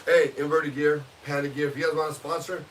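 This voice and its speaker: A man hosting a casual podcast, loud and showy, teasing his co-host in banter. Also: a little high, level tone, brisk. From California. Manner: boisterous showman, teasing banter. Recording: distant mic with hiss.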